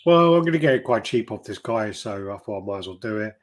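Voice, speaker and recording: A man hosting a podcast, rambling through profane, casual stories with quick asides. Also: on the low side, animated. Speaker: podcast host. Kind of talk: casual chat.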